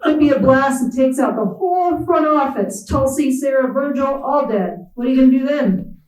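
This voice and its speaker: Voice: high-pitched, lively intonation, normal speed, darkish tone, echoey room, distant mic, pitched above the performer's own voice, poor audio. A reader voicing a defensive, blustering administrator in his seventies with a put-on Appalachian drawl. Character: blustering older male school administrator.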